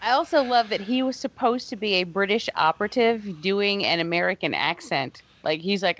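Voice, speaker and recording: A woman's voice: mid-range voice, brisk, fairly bright tone, dry recording, muffled recording. A woman co-hosting a casual movie review chat, emphatic and laughing often. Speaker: podcast co-host.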